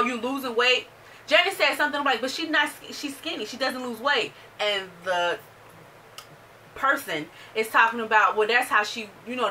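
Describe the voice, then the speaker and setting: A woman talks through a TV episode in a casual, animated way, jumping into the characters' lines as she retells them. Her voice is bright. She sits a little back from the mic, and faint noise runs behind her. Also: a little high, far from the mic. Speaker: show reviewer. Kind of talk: casual chat, recapping an episode.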